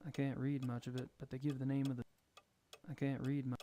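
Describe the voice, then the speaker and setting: An actor plays a calm male investigator in a video game. He talks in a flat, level way with little rise and fall. His voice is dark and mellow, and there is faint ticking behind him. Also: mid-range voice, brisk, slight background noise, close to an everyday voice. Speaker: game protagonist.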